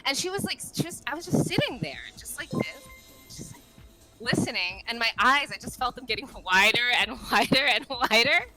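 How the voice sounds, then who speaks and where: A woman in her thirties, a podcast guest telling stories in a rambling, animated way full of fillers. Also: on the high side, moderate pace, music in the background, rough recording. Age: 30s. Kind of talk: casual podcast chat.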